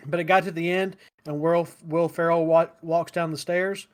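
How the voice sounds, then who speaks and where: A man's voice: on the high side, level tone, normal speed. A man co-hosting a casual podcast, dry and blunt in his remarks. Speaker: podcast co-host.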